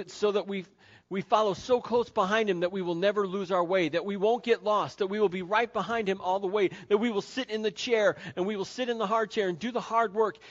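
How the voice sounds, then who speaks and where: A man preaching a sermon as pastor, earnest and repetitive, often dropping soft and low to stress a point. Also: lo-fi sound. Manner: earnest, repeating key phrases, drops soft and low for emphasis.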